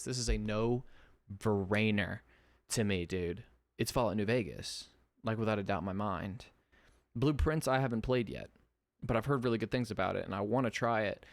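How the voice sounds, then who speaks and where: A man's voice: fairly low pitch, creaky, no echo. A young man hosting a solo podcast, tired from a sleepless night, chatting in a laid-back, slangy way with lots of ums. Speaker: podcast host. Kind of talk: casual solo podcast chat.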